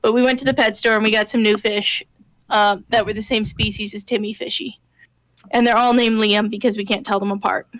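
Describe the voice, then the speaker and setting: A woman's voice: medium pitch, fairly even intonation, fairly quick, fairly bright tone, no echo, low-quality recording. A woman from Nebraska, a podcast co-host, chatting casually and laughing easily. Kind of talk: casual chat.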